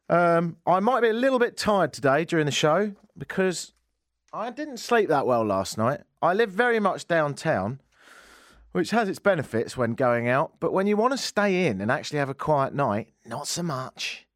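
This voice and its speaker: A man's voice: on the high side, big pitch swings, moderate pace, no room sound, studio quality. A man hosting a live talk radio show, telling a comic story with self-mocking jokes. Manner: jokey, self-mocking storytelling, jumps between loud and hushed. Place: radio studio.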